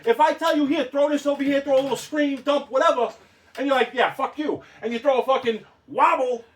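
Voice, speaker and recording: A man's voice: extremely high pitch, brisk, distant mic. A man co-hosting a sports talk show, arguing bluntly and sarcastically, with some swearing. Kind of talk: heated sports debate.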